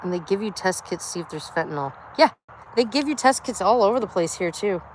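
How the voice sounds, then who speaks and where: A woman's voice: mid-range voice, expressive, fast talker, slight background noise, low-quality recording. A middle-aged American woman chatting casually on a live stream, rambling and swearing freely as she talks. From United States. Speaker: vlogger.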